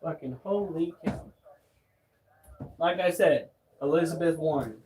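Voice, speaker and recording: A man's voice: on the high side, measured pace, darkish tone, a little hiss or hum. A man in a casual vlog, talking bluntly and exasperated, swearing often. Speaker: pet keeper vlogger. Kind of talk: casual ranting chat.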